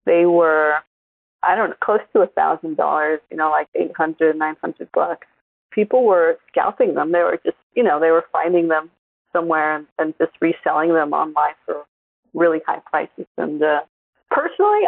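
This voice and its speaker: A woman in her forties, a podcast co-host, chatting casually and telling animated stories. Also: deep voice, normal speed, vocal fry, no echo. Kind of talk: casual chat. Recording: tinny phone-like line.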